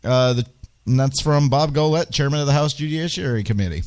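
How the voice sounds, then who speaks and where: A man's voice: mid-range voice, fairly quick, darkish tone. A man hosting a political talk radio show, ranting with indignation and firing off rhetorical questions.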